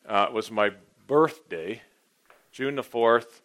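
A man's voice: mid-range voice, measured pace, long pauses, a bit bright. A middle-aged man, a pastor, praying and then preaching a sermon in an earnest, personal storytelling way. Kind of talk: sermon with opening prayer.

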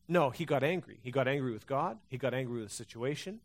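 A man preaching a sermon as pastor, in a conversational, animated way with frequent restarts. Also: medium pitch, fast talker.

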